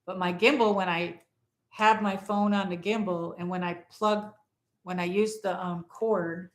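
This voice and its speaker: A woman's voice: on the low side, fairly even intonation, a little slow, reverberant. A woman hosting a casual livestream from her phone at home, rambling and reading viewer comments aloud. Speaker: livestream host. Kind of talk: casual live chat with viewers. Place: home, in front of a Christmas tree.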